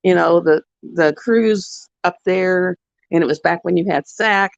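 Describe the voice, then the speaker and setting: A woman's voice: fairly low pitch, unhurried, gravelly, dry recording. Woman, livestream host, rambling heartfelt stories, dull lo-fi sound, dry close audio. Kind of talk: casual chat with viewers.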